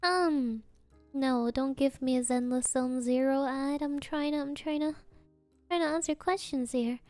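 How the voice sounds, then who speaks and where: A woman's voice: sits high, steady tone, unhurried, darkish tone, dry recording, soft background music. A woman streamer answering chat questions in a playful, giggly, joking way. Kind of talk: casual live Q&A chat.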